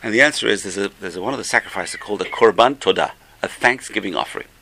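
A man teaching a religious class, telling stories with lively acted-out voices. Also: lowish voice, fast talker, gravelly, a little hiss or hum. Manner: animated storytelling with acted-out voices. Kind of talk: Torah class talk.

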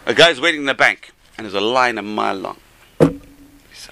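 A man's voice: on the low side, lively intonation, fairly quick, gravelly, background noise. A man, teaching a Torah class, who repeats key phrases for emphasis and tells jokes along the way. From England.

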